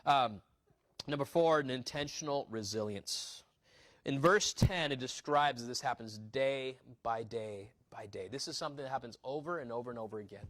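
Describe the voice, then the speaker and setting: A young adult man, a pastor preaching a sermon in a church, earnest, often restarting words and acting out quick asides. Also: mid-range voice, a bit bright, no echo. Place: church sanctuary.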